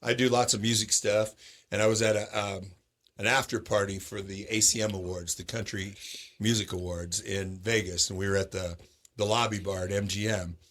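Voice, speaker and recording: A man's voice: lowish voice, normal speed, slight background noise. A middle-aged man from Sacramento who owns roller rinks, telling stories in a casual chat and acting out the voices of the people he quotes. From Sacramento, California. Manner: animated, acts out quoted voices. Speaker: roller rink owner, podcast guest.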